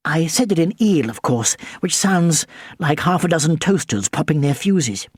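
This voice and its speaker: A woman narrating a children's audiobook with expressive, lively storytelling. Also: low-pitched, moderate pace, husky, no echo, studio quality.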